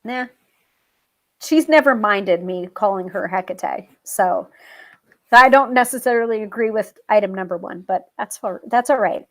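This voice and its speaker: A woman's voice: medium pitch, normal speed, fairly bright tone. A woman hosting a tarot show, talking casually about working with a goddess and reading tips from a list, with frequent ums, restarts and self-amused asides. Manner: chatty, many ums and restarts, laughs at herself.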